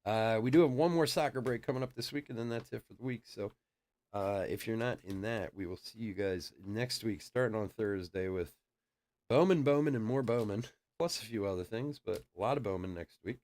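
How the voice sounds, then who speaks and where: A man's voice: on the low side, a little fast, darkish tone. A middle-aged man hosting a live card break, chatting casually and telling stories with frequent laughs while calling out cards. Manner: chatty storyteller, laughs often, calls out cards. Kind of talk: casual live-stream chat while opening card packs.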